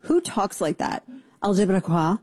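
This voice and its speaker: Sarcastic husky woman talk radio host. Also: mid-range voice, big pitch swings, darkish tone. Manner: sarcastic, mocking, rapid-fire commentary.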